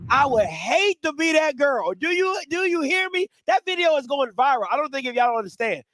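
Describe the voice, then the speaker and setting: A man co-hosting a casual sports talk show, animated and repeating himself as he laughs. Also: very high-pitched, fairly quick, slight background noise. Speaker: podcast co-host.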